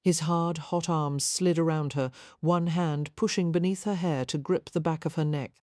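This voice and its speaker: A woman with a low, mellow voice narrates a historical romance in soft, measured storytelling. The recording is dry and close. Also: fairly even intonation, no room sound. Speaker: audiobook narrator. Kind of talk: scripted narration.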